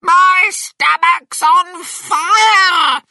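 A storyteller voicing a cranky old grandmother in a storybook read-aloud, with very high, loud, drawn-out cries. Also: no room sound, clean studio sound, exaggerated voice. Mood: shrieking. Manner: loud and stretched out.

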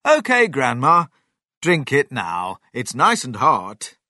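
A man voicing an excitable father who cries out his lines eagerly. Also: medium pitch, slow, no echo, studio quality, pitched above the performer's own voice, heavily acted. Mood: excited.

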